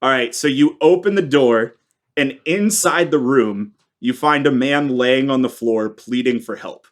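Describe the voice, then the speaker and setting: A man running a tabletop game as game master, describing scenes in a relaxed, easygoing way. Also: mid-range voice, a little slow.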